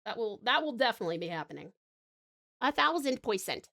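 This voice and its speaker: Gushing Australian woman streamer, high voice. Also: very animated, fairly quick, a bit bright. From Tasmania, Australia. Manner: gushing, calls viewers hun and darling. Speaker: live streamer. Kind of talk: casual live-stream chat while drawing.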